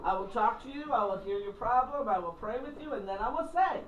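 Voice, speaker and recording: Speaking a little fast in a slightly high, expressive voice, a middle-aged minister and counselor delivers a frank, casual teaching talk to a small group, playing out phone calls. The highs are cut off, and the roomy recording has a distant mic and faint background noise.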